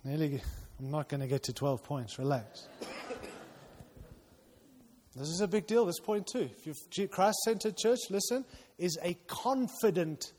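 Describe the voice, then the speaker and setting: A male pastor preaching a sermon to his church, urging loudly at times and dropping to quiet intensity at others. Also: fairly high pitch, expressive, measured pace. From outside the United States. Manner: impassioned, swings between loud urging and quiet intensity. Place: church hall. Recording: long reverb of a large hall.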